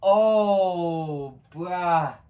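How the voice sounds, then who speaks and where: A man's voice: high-pitched, extremely slow, dark tone. A man hosting a reaction video, making laid-back, chuckling comments over a comedy clip.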